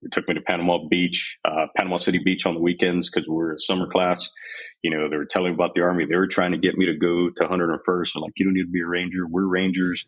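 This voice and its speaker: A very deep-voiced man in his forties, from Texas, talking with a husky grain as a podcast guest. He retells his army years candidly and with animation, slipping into the voices of people he quotes. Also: flat delivery, fast, fairly bright tone, rough recording. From San Antonio, Texas. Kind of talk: candid storytelling interview.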